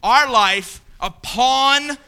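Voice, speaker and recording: A man preaching a sermon, emphatic and building to shouts. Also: extremely high pitch, extremely slow, clear, resonant tone.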